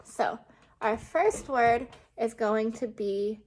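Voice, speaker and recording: A young adult woman teaching a remote lesson, slowly and patiently sounding out words for children. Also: on the high side, a little mellow.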